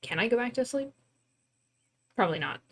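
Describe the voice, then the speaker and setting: A woman streamer giving casual let's-play commentary from her room at home, playful and self-mocking, quick to laugh. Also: fairly high pitch, big pitch swings.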